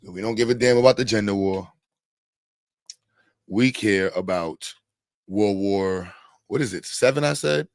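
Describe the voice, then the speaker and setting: Middle-aged man, livestream host, low voice, dry close sound, joking and rambling. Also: unhurried, pauses often, no echo. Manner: joking, rambling, loud bursts and laughs. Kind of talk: casual livestream commentary.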